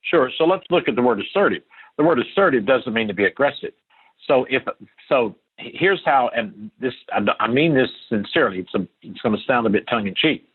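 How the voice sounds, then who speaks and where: A man's voice: mid-range voice, expressive, fairly quick, slightly rough, narrow, tinny audio. An older man from Appalachia, a guest answering interview questions in an earnest, emphatic way that repeats key phrases.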